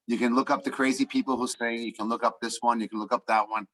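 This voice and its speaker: A man's voice: mid-range voice, level tone, fast, fairly bright tone, poor audio. A man co-hosting a casual chat, telling rambling stories with hesitations and restarts. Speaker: podcast co-host.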